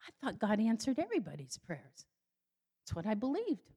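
Older woman telling a lively faith testimony. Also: moderate pace, breathy edge. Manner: animated, acts out quoted voices with sudden high jumps. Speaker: speaker giving a personal faith testimony. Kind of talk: personal testimony storytelling.

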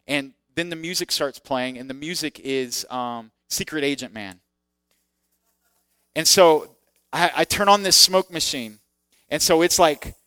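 Male preacher, slightly high smooth voice, lively candid storyteller, dry close sound. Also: no echo. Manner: animated, acts out quoted voices; self-deprecating, candid. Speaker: preacher sharing testimony. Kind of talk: sermon storytelling.

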